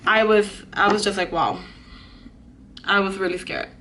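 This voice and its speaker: A woman's voice: mid-range voice, level tone, fairly quick, background noise. A young woman telling a storytime vlog in an earnest way, full of "like" fillers. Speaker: vlogger.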